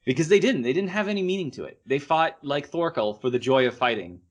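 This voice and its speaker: A man co-hosting an anime podcast, chatting in a relaxed way and often chiming in with short agreements. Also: a little high, quick pace, dull audio. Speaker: podcast co-host. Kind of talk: casual anime podcast chat.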